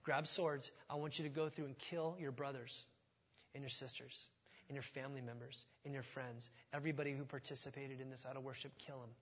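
A man voicing a stern old male prophet and leader, speaking low, hushed and commanding. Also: steady tone, a little slow.

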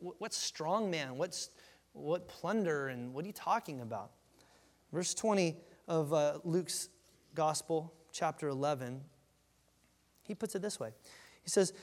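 High-voiced man preaching in a reverberant hall. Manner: conversational, frank, restarts and asides to the congregation. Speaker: pastor. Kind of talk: sermon teaching.

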